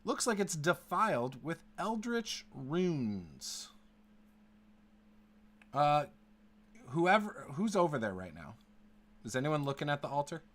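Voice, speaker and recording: A man narrating a tabletop game as game master, halting with many fillers. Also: on the high side, very animated, a bit bright. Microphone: online call.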